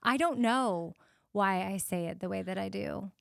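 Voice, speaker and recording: A woman co-hosting a podcast in casual chat, animated and quick to laugh, whose S sounds whistle. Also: medium pitch, creaky, no room sound, studio quality. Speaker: podcast co-host.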